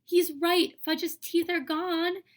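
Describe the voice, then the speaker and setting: A woman's voice: moderate pace, pushed and bright. A woman voicing a bossy young girl who whines shrilly. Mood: upset. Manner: whining, shrill.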